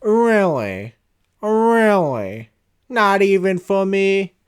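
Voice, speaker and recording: Man doing a stuck-up rich young woman, nasal and whiny, incredulous, quiet delivery. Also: high voice, big pitch swings, drawn-out words, smooth, exaggerated voice. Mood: whiny disbelief. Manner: incredulous, repeating herself.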